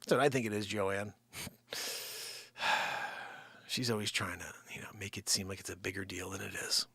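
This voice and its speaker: A man's voice: low-pitched, steady tone, normal speed, creaky, sharp tone, breathy edge, no room sound. A man hosting a live stream, rambling through an improvised comic monologue, bickering with an off-screen partner and dropping into muttered, whispered asides.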